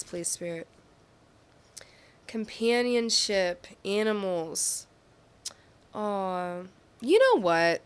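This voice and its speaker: A woman's voice: medium pitch, expressive, very slow, long pauses, clean tone. A woman giving a casual tarot reading, bubbly and giggly, full of affirmations. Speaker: tarot reader and medium.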